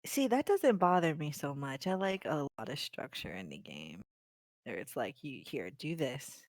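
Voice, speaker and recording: A woman's voice: sits low, wildly swooping pitch, normal speed, no room sound, studio quality. A woman on a podcast chatting about video games in an easygoing, giggly way. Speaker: podcast guest.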